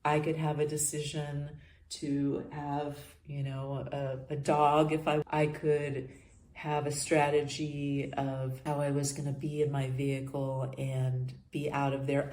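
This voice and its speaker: A woman's voice: deep voice, mellow. An older woman hosting a podcast, talking earnestly through a personal monologue and often trailing off and restarting. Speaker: podcast host. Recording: echoey room.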